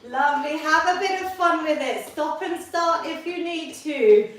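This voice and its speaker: Fitness lady in her 40s or so, high voice, cheery countdowns, sounds far off in a really echoey room. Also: measured pace. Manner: upbeat and encouraging, counting down reps. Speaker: fitness instructor. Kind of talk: leading a live online seniors' workout class.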